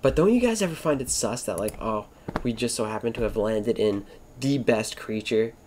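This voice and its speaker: A man's voice: medium pitch, expressive, moderate pace, a little mellow, a little hiss or hum. A man rambling through a casual monologue, swearing constantly, wandering between thoughts and trailing off mid-sentence. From Florida.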